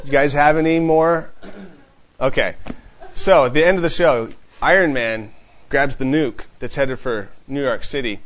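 A man's voice: medium pitch, fairly bright tone, low-quality recording. Chatty man teaching a Bible class. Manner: conversational, chuckles often, reads scripture slowly.

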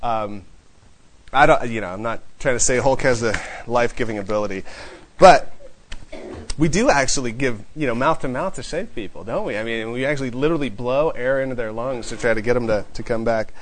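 A man's voice: mid-range voice, rough recording. Chatty man teaching a Bible class. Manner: conversational, chuckles often, reads scripture slowly.

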